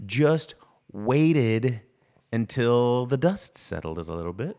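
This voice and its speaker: Man, podcast co-host, lively swooping pitch, sarcastic, studio chat. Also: slow. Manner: sarcastic, jumps into exaggerated character voices. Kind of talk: casual movie-news chat. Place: recording studio.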